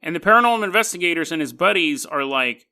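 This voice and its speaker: Lively high-voiced man telling a wry story. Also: quick pace, gravelly, clear, resonant tone. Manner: wry, skeptical, laughing asides. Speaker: podcast host. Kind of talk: casual storytelling monologue.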